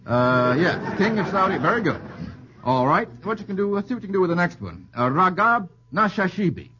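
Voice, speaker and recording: A man's voice: high-pitched, sing-song. A man hosting a radio quiz show, trading quips and laughing at his own puns. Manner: jokey, quick asides, laughs at own puns. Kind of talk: witty quiz-show banter. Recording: dull old radio broadcast with faint hiss.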